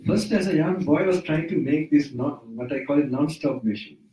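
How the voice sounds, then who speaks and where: Sri monk speaking, roomy and distant. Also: male voice, fairly high pitch, moderate pace, mellow. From Sri Lanka. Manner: loose, self-correcting, chuckles often. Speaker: Buddhist monk teacher. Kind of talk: informal dharma talk. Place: indoors at a private residence. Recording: roomy sound, mic at a distance.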